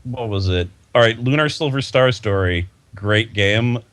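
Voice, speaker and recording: A man's voice: on the low side, unhurried, a bit bright. A young man co-hosting a gaming podcast, laid-back and wry as he complains about games. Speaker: podcast co-host. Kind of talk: casual gaming chat.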